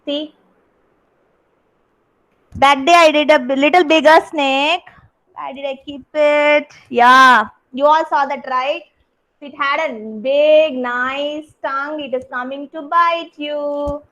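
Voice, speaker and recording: A woman's voice: sits high, fairly even intonation, slow pace, fairly bright tone, poor audio. A young woman with an Indian English accent, teaching a kindergarten craft class over a video call and praising each child by name. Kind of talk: online class instruction.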